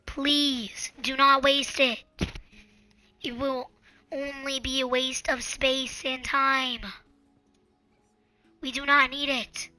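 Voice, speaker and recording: Earnest host, female, high bright voice, pleading and repetitive, with faint music underneath. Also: little pitch movement, takes it slowly, long pauses. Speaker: channel host. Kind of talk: casual advice monologue.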